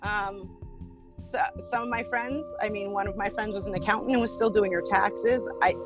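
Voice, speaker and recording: A woman's voice: medium pitch, fairly even intonation, moderate pace, poor audio. A woman being interviewed, recounting a personal ordeal in an earnest way, with frequent fillers. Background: music.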